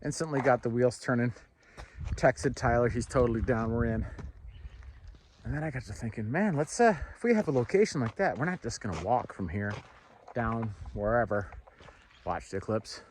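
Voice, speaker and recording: A man vlogging outdoors while walking his dog, rambling and thinking out loud with fillers, and slipping into high sing-song baby talk when he talks to the dog. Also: moderate pace, slight background noise. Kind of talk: casual outdoor vlog chat. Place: outdoors, walking near trees. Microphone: handheld camera.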